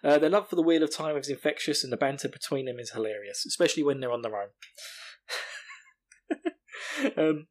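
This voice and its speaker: Rambling podcast host. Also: male voice, fairly high pitch, brisk, pauses often. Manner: rambling, swearing, laughing at his own jokes. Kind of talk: casual solo podcast chat.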